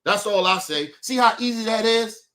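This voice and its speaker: High-voiced man ranting angrily. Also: lively intonation, moderate pace. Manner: profane, angry, swings from muttering to shouting. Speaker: show host. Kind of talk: heated commentary rant.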